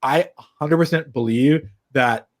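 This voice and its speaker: A podcast co-host with a mid-range male voice keeps a measured pace. He's in a relaxed chat, full of enthusiasm and forceful takes on reality TV.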